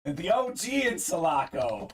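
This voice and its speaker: Brief: young male live-break host, high voice, talkative and easygoing, reads viewer comments. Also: very animated, a little slow, a little hiss or hum. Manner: chatty, reads viewer comments aloud, laughs easily. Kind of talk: casual live-stream chat.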